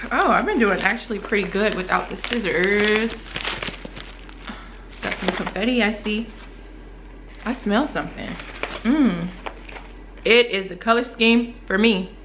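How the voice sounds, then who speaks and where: A young woman with an excited casual unboxing vlog, gasping and exclaiming as she opens packages. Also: noisy background. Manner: gasping, exclaiming, swooping up high when thrilled. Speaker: beauty vlogger unboxing small-business packages.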